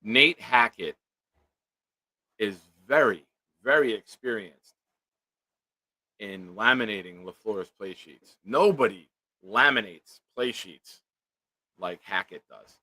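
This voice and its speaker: A man's voice: on the low side, expressive, takes it slowly, pauses often, pushed and bright, no room sound. A man hosting a casual live-stream chat, joking around and reading viewer comments aloud. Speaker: show host.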